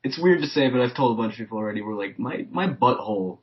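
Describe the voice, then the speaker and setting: A young man co-hosting a casual movie chat, animated and laughing along. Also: medium pitch, fast. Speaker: co-host. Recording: dull lo-fi recording.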